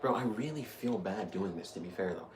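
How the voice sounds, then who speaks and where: This young man's low, expressive voice moves at a fairly quick clip over background noise. He hosts gaming videos, giving casual let's-play commentary with a chatty, easily amused manner.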